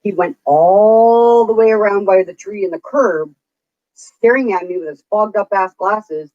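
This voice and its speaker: Her voice sits at medium pitch and moves at a measured pace as this woman vlogger vents, cursing freely in a casual rant. The audio has no echo and sounds dull, dry, and lo-fi.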